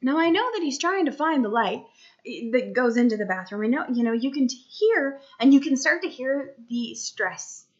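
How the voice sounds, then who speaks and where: Chatty mom with a bright voice, lo-fi. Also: female voice, high-pitched, lively intonation, moderate pace. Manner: chatty and rambling, lots of fillers and asides to the listener. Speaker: mom vlogger. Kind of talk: casual storytelling to camera. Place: at home. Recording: dull lo-fi home recording.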